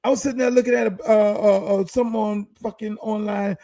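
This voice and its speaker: A man's voice: high-pitched, steady tone, fast talker, mellow, no room sound. A man hosting his own podcast, ranting in a casual, profane, heated way and firing off rhetorical questions. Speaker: podcast host.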